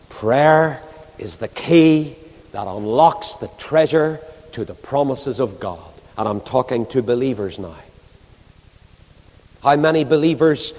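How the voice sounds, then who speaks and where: Man, preacher, mid-pitched; fervent sermon delivery, loud to hushed; long hall reverb. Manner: fervent, swinging from loud declaring to hushed pleading.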